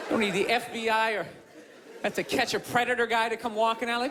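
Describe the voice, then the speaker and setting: Cursing stand-up guy on a big stage, self-deprecating rant, loud live crowd noise. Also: very high voice, level tone, a little fast. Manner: profane, ranting, self-deprecating. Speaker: stand-up comedian. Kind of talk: stand-up comedy set. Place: large theater stage. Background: roaring audience laughter.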